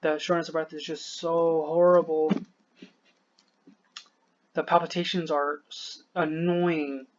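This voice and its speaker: A man's voice: a little high, little pitch movement, slow, pauses often, dull audio, background noise. A man venting to the camera, short of breath, frustrated and rambling, swearing often and trailing off mid-sentence.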